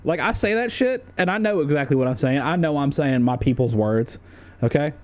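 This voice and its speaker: Young male streamer, casual commentary, joking, profane, lively swinging pitch. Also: a little fast. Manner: animated, profane, jokey.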